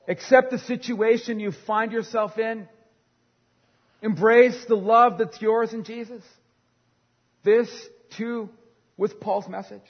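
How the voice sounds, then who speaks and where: Middle-aged male pastor, high voice, dynamic sermon delivery, dull lo-fi recording. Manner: dynamic preaching, swinging from hushed to loud. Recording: long hall reverb, dull sound.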